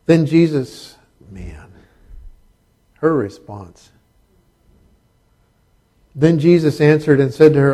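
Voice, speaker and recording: A man's voice: on the high side, expressive, slow, pauses often, mellow. A middle-aged man preaching a sermon, talking in a conversational way with humorous asides. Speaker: pastor.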